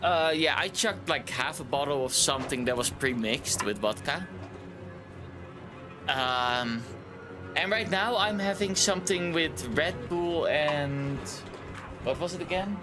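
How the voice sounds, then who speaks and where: A man's voice: a little high, a little slow, music in the background. A male streamer chatting casually while playing a game, rambling and a little tipsy. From Canada.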